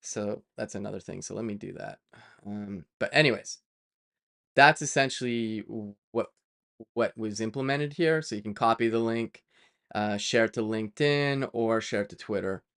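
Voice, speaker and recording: On his live coding stream, a man speaks at a moderate pace in a low, fairly bright voice with vocal fry. His talk is casual and rambling, with many fillers, self-corrections, and playful detours.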